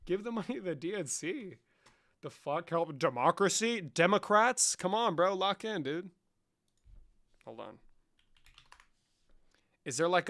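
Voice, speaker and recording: A man's voice: high voice, fairly bright tone. A young man around twenty, casually chatting on a livestream in a joking, sarcastic way and swearing a lot. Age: young adult.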